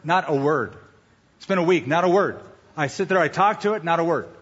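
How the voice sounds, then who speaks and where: A man voicing a lonely widow who flatly complains that her parrot won't talk. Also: fairly high pitch, fairly quick, breathy edge. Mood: exasperated. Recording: dull echoey hall sound.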